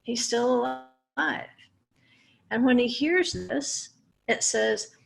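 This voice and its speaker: A woman's voice: on the high side, lively intonation, slow, creaky, pauses often. A woman teaching a Torah portion lesson, explaining Hebrew words step by step with small restarts. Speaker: Bible teacher.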